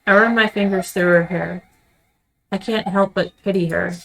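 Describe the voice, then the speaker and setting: A woman streamer reading a visual novel aloud in quiet, measured first-person narration. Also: mid-range voice, steady tone, vocal fry, low-quality recording. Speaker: let's-play streamer.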